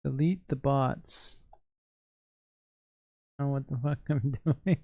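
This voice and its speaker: Gravelly, tired-sounding male streamer. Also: medium pitch, little pitch movement, unhurried, pauses often, mellow, no room sound, clean studio sound. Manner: rambling, responds to chat messages. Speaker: streamer running an online Mafia game. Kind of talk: casual live-stream chat.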